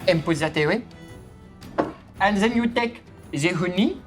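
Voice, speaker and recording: A woman voicing a small, scruffy French boy bartender in a mock French accent, with halting, chatty patter full of fillers, over clear background music. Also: fairly low pitch, close to an everyday voice. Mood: deadpan chatty.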